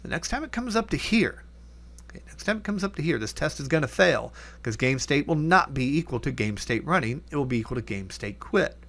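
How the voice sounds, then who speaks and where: A man's voice: fairly high pitch, big pitch swings, brisk, creaky, a bit bright. A man teaching programming in a casual coding tutorial, thinking aloud with fillers and self-corrections as he works. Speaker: programming instructor.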